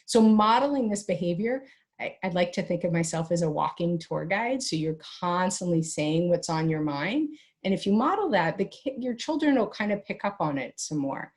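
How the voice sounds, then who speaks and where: A middle-aged woman with a fairly low voice speaks as an interview guest. She talks in an animated, chatty way and acts out little family dialogues as she explains. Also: normal speed. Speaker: guest expert on teen mental health. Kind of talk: conversational interview advice.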